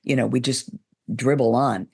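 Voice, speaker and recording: Gravelly-voiced woman coaching speech. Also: steady tone, darkish tone. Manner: measured, deliberate, demonstrates pitch shifts. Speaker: public speaking coach. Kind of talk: interview advice.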